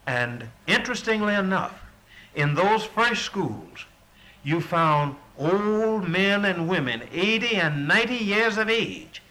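A man's voice: high-pitched, lively intonation, slow, pushed and bright, poor audio. A middle-aged man speaking earnestly in an interview, with a preacherly build and repeated words as he presses a point. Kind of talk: impassioned recollection.

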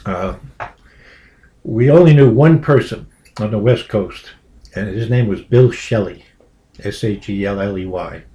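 A man's voice: fairly low pitch, a little slow, pauses often, warm tone. A man from Brooklyn telling his life story in an interview, rambling with many uh fillers. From Brooklyn, New York. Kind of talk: oral history storytelling.

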